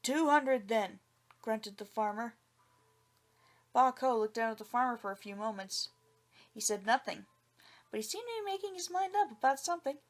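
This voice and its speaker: High-voiced woman telling a folk tale. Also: moderate pace, pauses often. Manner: expressive, lively reading. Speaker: storyteller. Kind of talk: storybook narration.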